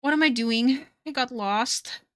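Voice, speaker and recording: A woman's voice: high voice, measured pace. A young woman streaming her art, chatting casually and rambling with frequent laughs while reading chat aloud.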